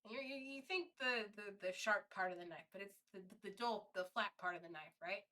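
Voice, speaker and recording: A woman streamer talking through her feelings in a halting, candid monologue, often restarting and swearing freely. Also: mid-range voice, sharp tone.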